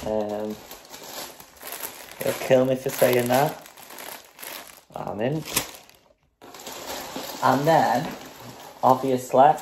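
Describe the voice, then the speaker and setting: A woman's voice: very deep voice, very slow, pauses often, background noise. A woman casually chatting in a home vlog, breezy and swearing now and then as she shows off products. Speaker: fitness vlogger.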